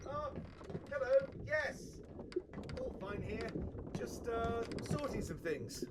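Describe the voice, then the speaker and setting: An actor voicing an evasive, halting male ship's officer in a video game. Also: very high-pitched, sing-song, heavy background noise, exaggerated voice. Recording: distant, loud ship ambience.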